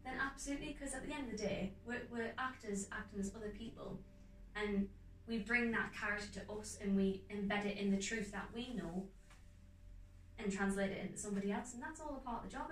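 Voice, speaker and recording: A young woman in her twenties with a North East English accent, an actress talking as a guest in a casual interview, emphatic and animated with quick restarts. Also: on the high side. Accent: North East England. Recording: echoey room, mic at a distance, faint music.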